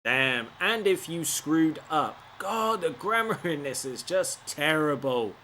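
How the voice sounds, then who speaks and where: A man's voice: on the high side, takes it slowly, a little hiss or hum. Playful man commentating gameplay. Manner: playful, animated reactions. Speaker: game player. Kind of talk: gaming commentary.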